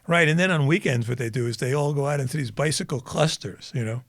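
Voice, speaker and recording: A man in casual podcast chat, rolling from one anecdote into the next and laughing at his own punchlines. His voice has a gravelly fry and sits in the middle of the male range. The recording is dry and close. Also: medium pitch, fast, a bit bright, no room sound. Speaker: podcast co-host.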